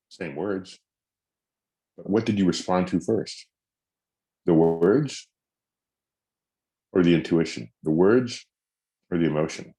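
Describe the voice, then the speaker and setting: A middle-aged man with a very deep, low voice leads a recorded mental fitness masterclass, speaking earnestly at a moderate pace with long pauses and a mellow quality. He acts out example phrases, changing his tone to show how the same words can come across differently.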